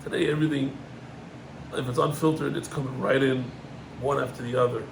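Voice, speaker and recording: A middle-aged man, a rabbi, gives an animated Torah lesson, climbing in pitch on emphatic points and mixing in Hebrew terms. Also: fairly quick, gravelly, background noise.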